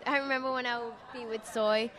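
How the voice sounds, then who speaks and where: Here a shy, soft-spoken young woman from England, appearing as a singing contest guest, answers radio interview questions quickly in a fairly high, steady voice. She trails off often and leans on fillers, and a busy event crowd can be heard chattering in the background.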